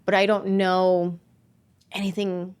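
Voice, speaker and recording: A woman in her forties from San Jose, California, a comedian guest telling her story in a casual interview, animated. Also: lowish voice, slow, clean tone. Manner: animated, acts out quoted voices.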